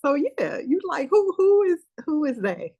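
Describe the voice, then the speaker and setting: A woman joins a casual Bible study discussion, speaking emphatically with rhetorical questions. Her voice is high and lively, rising and falling widely. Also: a little slow, creaky, lo-fi sound.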